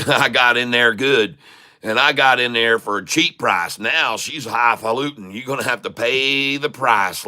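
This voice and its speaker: A Southern country man with a folksy, teasing way of talking hosts a stock-trading livestream. He chuckles his way through the commentary, and his voice comes across bright and forceful. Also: medium pitch, clear, resonant tone.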